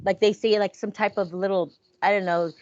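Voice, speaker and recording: A woman hosting a casual podcast chat, telling creepy stories in an animated way and acting out the voices in them. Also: mid-range voice, fairly quick, no room sound. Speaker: podcast host. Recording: dull lo-fi sound.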